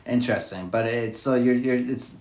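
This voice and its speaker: A man's voice: mid-range voice, normal speed, darkish tone. Rambling spiritual man, echoey room. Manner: rambling, repetitive, musing. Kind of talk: spiritual monologue.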